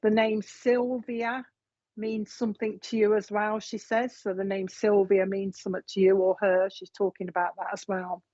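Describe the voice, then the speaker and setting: A woman's voice: medium pitch, little pitch movement, moderate pace, warm tone, dry recording. A woman giving a live mediumship reading in a chatty, repetitive way. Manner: chatty, repeats messages from spirit. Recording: dull, dry lo-fi sound.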